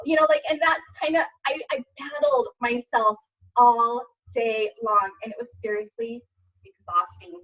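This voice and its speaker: A woman's voice: on the high side, unhurried, a bit bright. Chatty woman on dull distant webinar audio. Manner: chatty, many fillers and restarts. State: tearful at times. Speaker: fitness coach. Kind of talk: casual testimonial chat. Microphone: webinar recording.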